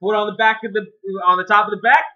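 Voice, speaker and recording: A man's voice: high-pitched, steady tone, fast talker, highs cut off. A man giving a casual spoken movie review, profane and rambling, often restarting his sentences.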